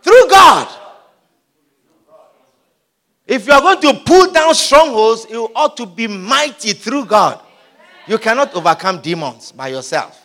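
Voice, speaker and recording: A man preaching a sermon in an emphatic, repetitive manner, often shouting and laughing. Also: extremely high pitch, big pitch swings, moderate pace.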